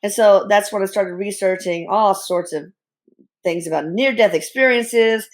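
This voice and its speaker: A middle-aged woman speaking as a guest in an interview, telling her story with candid, animated delivery and blunt humor. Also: medium pitch, normal speed. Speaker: guest, bereaved mother and physician.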